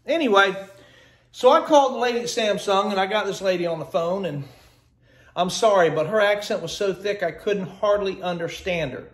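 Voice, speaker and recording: A talkative man with a notably high voice gives a chatty, grumbling home how-to walkthrough. He holds his phone camera as he talks. The sound rings around a hard, echoey kitchen. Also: moderate pace, fairly bright tone. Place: indoors by a kitchen refrigerator. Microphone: handheld phone camera. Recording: echoey room.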